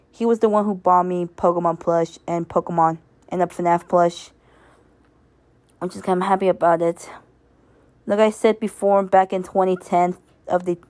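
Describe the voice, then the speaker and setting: A woman's voice: fairly low pitch, a little mellow, clean tone, no room sound. A woman giving a casual, rambling spoken review, stumbling and restarting often and laughing as she goes. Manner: sentimental, laughs while talking. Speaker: video reviewer.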